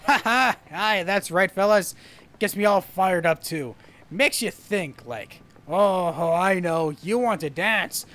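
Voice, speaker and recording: A man voicing a boastful, rambling drunken sailor who talks in rough old sea dialect. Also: high-pitched, slow, fairly bright tone. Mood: boisterous.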